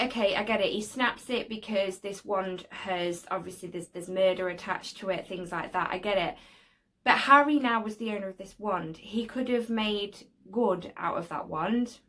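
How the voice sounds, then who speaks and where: A woman's voice: a little high, fairly bright tone. A young woman, talking casually to camera in an opinionated vlog and scolding a story character directly. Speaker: video host.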